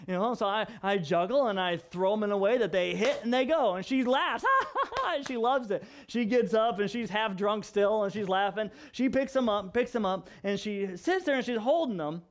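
Animated storytelling pastor, slightly high voice. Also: male voice, normal speed, hardly any pauses. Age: young adult. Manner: animated storyteller, swings from hushed to loud and laughing. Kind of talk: storytelling sermon.

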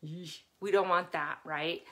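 A woman's voice: fairly low pitch, fairly even intonation, measured pace, fairly bright tone. A woman hosting a live parenting session in a casual, chatty way. She laughs often while telling stories and asks her listeners rhetorical questions.

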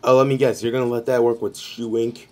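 A man's voice: mid-range voice, little pitch movement, quick pace, soft background music. A man making an unscripted comedy skit, bickering back and forth as though several people share the table. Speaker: creator of an improvised comedy skit.

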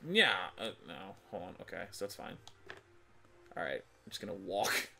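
A man commentating a video game in a loose, offhand way. He swears often, laughs at his own jokes and bursts into shouts when things go wrong. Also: low-pitched, sing-song, moderate pace, vocal fry, a little hiss or hum. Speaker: gaming channel host. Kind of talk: casual let's-play commentary.

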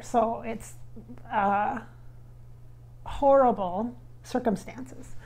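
Woman host, psychic medium, casual, rambling and self-mocking, voice a touch high. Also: darkish tone. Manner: chatty, rambling, self-deprecating. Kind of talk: casual chat.

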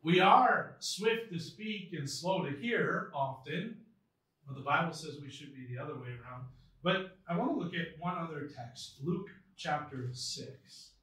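Earnest preacher, high voice, heavy church echo from a distant mic. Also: male voice, a little slow, sharp tone. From United States. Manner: earnest, reads scripture aloud with emphasis. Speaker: pastor. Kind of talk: sermon. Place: church sanctuary. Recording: echoey church hall from far off.

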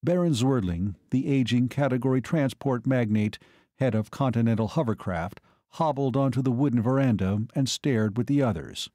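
A man narrating an audiobook in a measured, steady reading voice. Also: medium pitch, no echo, clean studio sound. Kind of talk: scripted narration.

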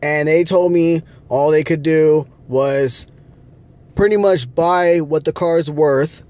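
Man venting to camera from a car, slow drawling delivery, slightly high voice, heavy cursing. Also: darkish tone. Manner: angry, profane ranting. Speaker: vlogger. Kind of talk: casual vlog rant.

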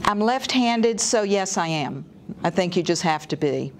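A woman's voice: lowish voice, expressive, a little slow, slight background noise. Chatty woman artist painting live. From US South. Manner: chatty, enthusiastic, thinks aloud while painting. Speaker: artist giving a painting demo. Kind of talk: live painting demonstration, casual talk. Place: art studio or gallery room.

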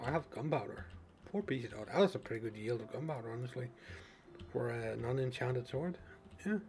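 A man's voice: medium pitch, animated, a little fast, darkish tone, husky. A man casually narrating his own survival gameplay, thinking aloud with many fillers and restarts. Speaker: let's play gamer. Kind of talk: casual game commentary.

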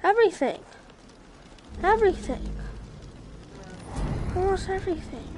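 A young woman loudly commenting on her VR game, swearing often and breaking into frustrated yelling. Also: extremely high pitch, expressive, unhurried, noisy background. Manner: loud, profane, swings into shouting frustration. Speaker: VR gamer. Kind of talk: casual gameplay commentary.

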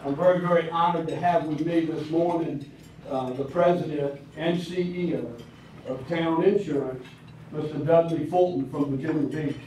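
An older man with a Southern American drawl delivers a folksy speech, pausing often with ums and uhs. His voice sits a little high for a man. It rings through a large, echoey hall from some distance off, with faint clinking of cutlery behind him. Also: steady tone, darkish tone, slight background noise. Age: 60s. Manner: folksy and personal, with hesitant fillers. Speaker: county commissioner speaking at a public event. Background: clinking cutlery and dishes.

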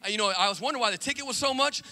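A man preaching an animated church sermon, with shouted refrains and casual, chatty asides. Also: very high voice, racing, in a large hall. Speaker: pastor. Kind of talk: energetic sermon.

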